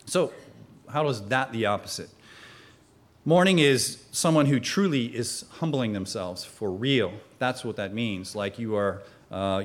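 A man leads a Bible study in an earnest, explanatory way, working through passages point by point. He stops to put questions to his listeners before answering them himself. His voice sits at an ordinary, mid-range pitch for a man. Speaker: Bible teacher.

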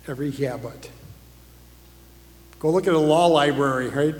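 A pastor with a mid-range, darkish voice preaches a sermon in a conversational way, putting rhetorical questions to the congregation. The recording sits in an echoey hall with long reverb.

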